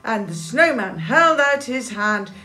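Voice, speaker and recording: Expressive woman reading a children's story. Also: fairly high pitch, a little slow, roomy sound. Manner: animated, expressive, gasps and asides. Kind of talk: reading a children's picture book aloud.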